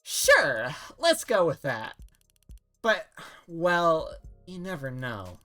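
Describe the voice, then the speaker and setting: A saccharine, patronizing AI assistant, read by a woman during a game stream. The voice sits low yet swoops up and down with lively pitch, cheerful on the surface and needling underneath. Soft music plays faintly in the background. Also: extremely slow, exaggerated voice. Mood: sweetly smug. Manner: sweetly passive-aggressive. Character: saccharine condescending female AI assistant. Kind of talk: game dialogue read-along.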